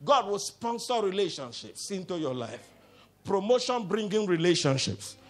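A man preaching a sermon, emphatic and repetitive, breaking into loud exclamations and coaxing the congregation to answer back. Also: high-pitched, big pitch swings, moderate pace. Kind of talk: sermon with call-and-response.

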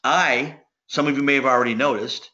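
A man giving a sales coaching lecture, talking very fast so his words sometimes run together. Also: medium pitch, steady tone, pushed and bright. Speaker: sales trainer. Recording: dull lo-fi recording.

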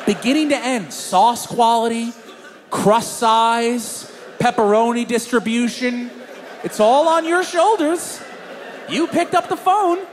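Animated, high-voiced male stand-up comic. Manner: animated, exasperated storytelling. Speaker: stand-up comedian. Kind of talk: stand-up storytelling. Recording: live comedy club with crowd and noise.

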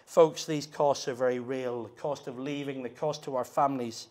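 A middle-aged man preaching a sermon at a conference, earnest, moving between hushed and emphatic delivery. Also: medium pitch, fairly even intonation, normal speed. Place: conference hall.

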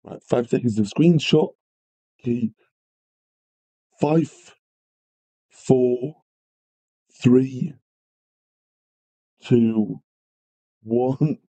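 A man's voice: mid-range voice, extremely slow, long pauses, warm tone, rough recording. A man teaching a live maths revision lesson, greeting viewers and apologising often as he works through problems. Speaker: maths tutor.

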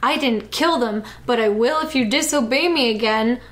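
A woman's voice: fairly high pitch, moderate pace, lightly acted. A woman voicing a menacing young male kidnapper from a fan story, speaking in a sneering way with dragged-out words. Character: menacing teen pop-star kidnapper, young man.

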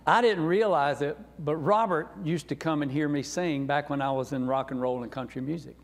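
Sex: man. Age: 60s. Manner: folksy sermon testimony, gravelly, church hall echo. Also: a little high, normal speed. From North Carolina. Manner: folksy, earnest, warm storyteller. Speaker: guest preacher. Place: church sanctuary. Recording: reverberant church sanctuary.

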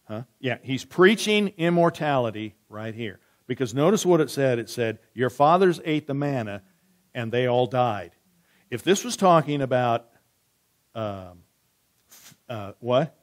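Conversational pastor preaching to a congregation. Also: male voice, medium pitch. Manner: conversational, asks the room questions and answers back; reads scripture slowly and softly. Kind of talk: sermon with Bible reading and questions to the congregation.

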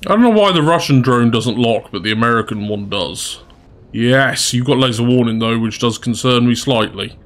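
A man's voice: medium pitch, normal speed. Chatty man commentating gameplay. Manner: chatty, self-deprecating, talks to viewers. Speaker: gaming channel host.

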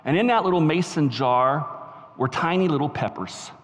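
A middle-aged man with a Southern US accent preaching a sermon as pastor, telling a story and swinging from soft asides to emphatic shouts. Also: fairly high pitch, moderate pace. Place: church sanctuary. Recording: reverberant church hall.

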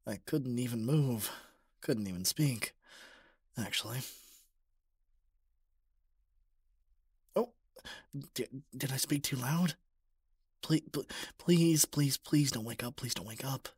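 A man voicing an obsessive young male stalker in a whispered role-play, talking softly with stammers and pleas. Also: mid-range voice, unhurried, breathy edge, no echo, clean studio sound. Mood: hushed, infatuated. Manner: soft, stammering, pleading.

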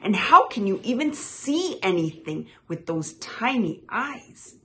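A cocky, quick-tempered storybook frog, played by a woman reading aloud hurls loud taunts at his rival. His voice is bright and ringing, and it swings widely up and down while he takes his time over every jibe. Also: medium pitch, big pitch swings, pitched above the performer's own voice, exaggerated voice. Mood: squabbling.

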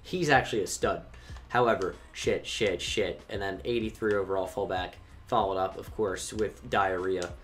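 A young man giving casual, chatty commentary while playing a football video game, reacting with quick bursts of swearing. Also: low voice, steady tone, fairly bright tone, faint music behind. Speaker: gaming YouTuber.

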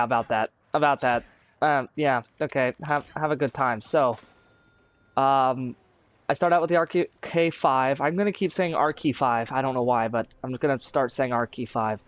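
A man's voice: mid-range voice, a little slow, no echo. A young man chatting casually over his own gameplay as a gaming YouTuber, rambling with lots of fillers and restarts. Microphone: console recording software.

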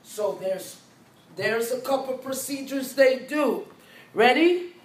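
A woman's voice: high-pitched, expressive, slow. Woman quizzing a nursing class. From Haiti. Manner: quizzes students with questions, repeats key points. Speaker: nursing exam instructor. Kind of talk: live classroom lecture. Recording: echoey classroom with faint ambience.

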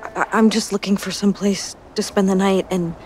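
A woman's voice: mid-range voice, steady tone, moderate pace, a little mellow, slight background noise, close to an everyday voice. An actress playing an exhausted, defiant young woman on the run in a video game. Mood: pleading. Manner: weary, pleading.

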